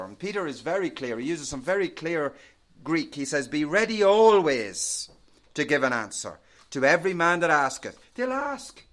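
A man preaching a sermon in an earnest, measured way, rising and falling in volume for emphasis. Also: on the high side, fairly bright tone.

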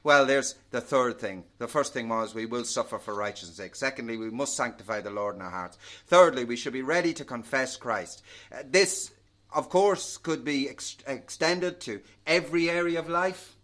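A man preaching a sermon in an earnest, measured way, rising and falling in volume for emphasis. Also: medium pitch, fairly bright tone.

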